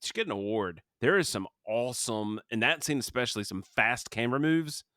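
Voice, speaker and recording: A man with a medium-pitched, expressive voice talks a little fast in a bright, forceful tone, recorded with studio quality and no room sound. He's co-hosting a podcast and chatting casually about a movie, rambling and restarting his sentences while he has the hiccups.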